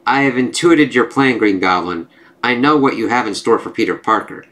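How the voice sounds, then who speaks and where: A man reading as a calm robot brain. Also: mid-range voice, normal speed, a little hiss or hum, lightly acted. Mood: stern.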